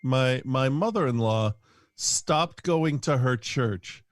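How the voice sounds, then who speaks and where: Slow-talking man with dry quips. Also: medium pitch, a little hiss or hum. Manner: dry, short wry interjections. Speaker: podcast co-host. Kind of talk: casual chat.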